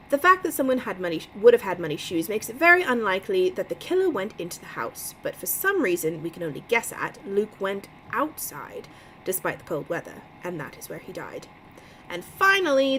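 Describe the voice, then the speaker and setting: A woman's voice: medium pitch, slight background noise, rough recording. A woman reading a mystery novel aloud on a livestream, chatty, laughing often and breaking off to comment. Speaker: livestream book reader. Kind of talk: casual read-aloud livestream.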